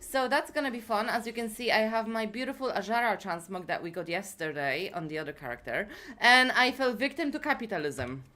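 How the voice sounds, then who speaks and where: A woman's voice: mid-range voice, animated, fairly quick, few pauses, pushed and bright. A woman streaming a game live, chatting casually with viewers and greeting them by name while a little out of breath.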